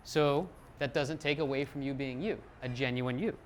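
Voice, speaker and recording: A middle-aged man giving a live talk as a psychologist, lively and self-deprecating, acting out little quotes. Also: medium pitch, normal speed, slight background noise.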